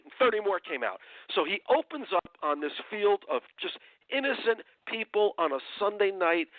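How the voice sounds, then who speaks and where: A man launching into a furious, profanity-laced political rant, his fairly high voice swinging widely in pitch as he hammers each point. He comes through a tinny phone line with a dry, close sound. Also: no room sound. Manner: angry, profane, emphatic ranting. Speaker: legal analyst guest.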